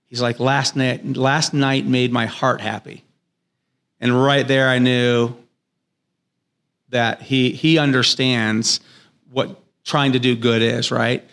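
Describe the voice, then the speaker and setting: A man's voice: medium pitch, little pitch movement, takes it slowly, pauses often, fairly bright tone, clear, resonant tone. A man in his thirties or forties, a guest in a podcast studio, telling a family story in an earnest, enthusiastic way and acting out the dialogue. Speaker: podcast guest, business owner. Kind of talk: casual interview storytelling.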